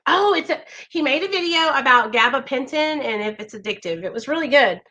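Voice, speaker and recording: Bright-voiced woman hosting a live stream. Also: high-pitched, expressive, a little fast, low-quality recording. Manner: earnest and reassuring, talks straight to viewers. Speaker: recovery livestream host. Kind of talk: casual live-stream chat to viewers.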